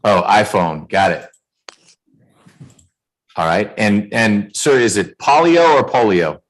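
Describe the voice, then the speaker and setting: A man presiding as judge over a remote court calendar hearing, speaking in a measured way with dry jokes, over a video call. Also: on the low side, poor audio.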